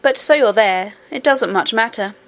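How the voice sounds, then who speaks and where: Storybook miner boy, brisk and hushed, as a woman reads him. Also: fairly high pitch. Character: young miner boy, practical and hurried.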